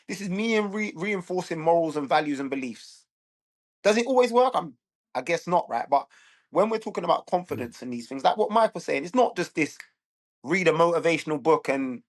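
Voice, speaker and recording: Blunt, emphatic man with a raised voice. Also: on the high side. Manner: blunt, emphatic, keeps checking in with "right?" and "you lot". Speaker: guest, former pro footballer and youth strength coach. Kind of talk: casual podcast conversation.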